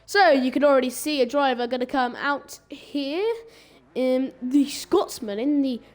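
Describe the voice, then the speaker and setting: A fairly high-pitched woman calls a live online racing session with loose, rambling chatter. She trips over words and corrects herself as she goes, keeping a casual streamer feel. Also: unhurried, darkish tone. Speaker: sim racing commentator. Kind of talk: live esports race commentary.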